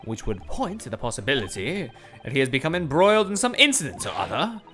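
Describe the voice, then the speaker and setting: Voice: medium pitch, very animated, fast talker, sharp tone, faint music behind. A streamer voicing a pompous, eccentric male Victorian detective in a theatrical, grandiose way, reading game dialogue aloud. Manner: theatrical, grandiose and self-satisfied.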